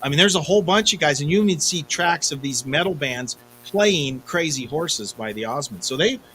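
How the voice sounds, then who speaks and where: A man's voice: fairly high pitch, lively intonation, moderate pace, fairly bright tone, slight background noise, rough recording. Chatty middle-aged male podcast host. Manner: chatty storyteller, self-deprecating. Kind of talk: casual chat.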